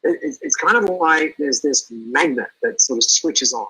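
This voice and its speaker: A man's voice: a little high, big pitch swings, unhurried, bright, forceful tone, breathy edge, rough recording. A middle-aged man as an interview guest, talking animatedly and often repeating words as he thinks aloud. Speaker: speaker and guest. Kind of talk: conversational interview.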